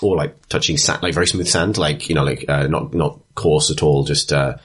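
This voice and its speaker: A man's voice: extremely low pitch, fairly even intonation, normal speed, fairly bright tone, slightly rough. A man narrating a tabletop game as game master, rambling with many restarts. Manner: rambling, full of ums and restarts.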